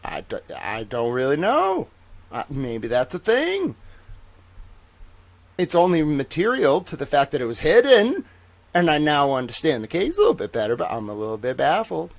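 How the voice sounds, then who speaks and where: A man hosting his own news livestream, his voice sitting a little high for a guy and recorded close and dry, with no room around it. He reacts to court papers with cursing and sudden loud outbursts, then drops to a mutter. For big reveals he slows into a drawn-out, announcer-style delivery. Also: gravelly, no room sound. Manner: excitable and profane, with swings between loud outbursts and muttering. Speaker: independent journalist and show host. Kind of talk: casual livestream commentary on court documents.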